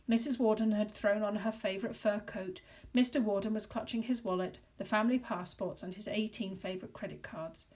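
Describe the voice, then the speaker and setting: A woman reading a children's novel aloud in a lively, expressive storytelling voice. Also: mid-range voice, far from the mic. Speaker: narrator.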